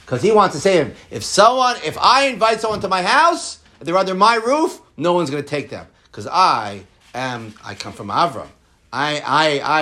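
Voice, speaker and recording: A man leads a Torah lesson, his voice sitting a little high. He reads Hebrew lines aloud and then unpacks them, repeating words as he works through each idea. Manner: animated, repeats words, quotes Hebrew texts. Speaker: Torah teacher.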